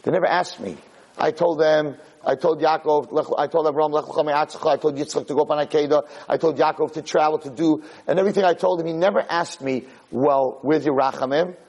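A man's voice: on the high side, fairly even intonation, a little fast, a little mellow, slightly rough. A man voicing God as a stern voice rebuking a prophet in a sermon.

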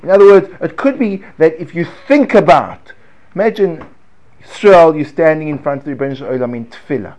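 A man teaching a Torah class, animated, swinging between loud emphasis and hushed tones. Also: fairly high pitch, fairly quick.

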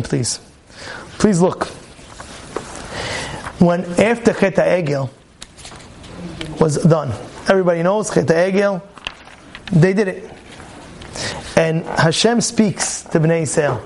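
Unhurried and pausing at length, a rabbi preaches on the week's Torah portion, with a little hiss or hum audible. He speaks emphatically, repeating phrases and asking rhetorical questions, sometimes loud and sometimes dropping to low asides.

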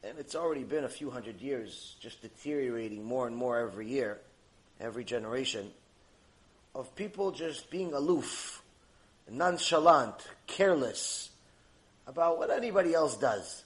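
A middle-aged man teaching a mussar lecture, animated and rebuking, acting out mocking bits of dialogue. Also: mid-range voice, moderate pace. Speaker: Torah teacher.

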